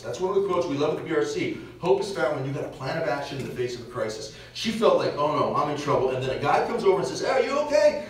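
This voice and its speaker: A man giving a parish mission talk, telling stories and acting out what people said. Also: on the high side. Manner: animated storyteller acting out quotes. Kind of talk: storytelling talk to a church audience. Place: large church. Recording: echoey church, distant mic, faint hiss.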